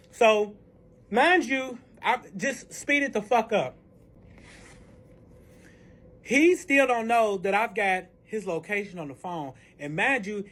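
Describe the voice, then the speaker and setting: A man telling a dramatic personal story in a storytime vlog, animated and full of profanity. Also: high voice. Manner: heavy profanity, animated retelling.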